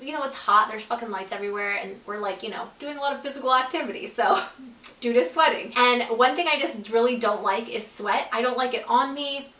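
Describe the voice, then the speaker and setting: A woman's voice: fairly high pitch, a bit bright. A young woman telling a casual, blunt and profane storytime, full of "like" fillers. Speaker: vlogger telling stories. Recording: roomy echo, a bit far from the mic.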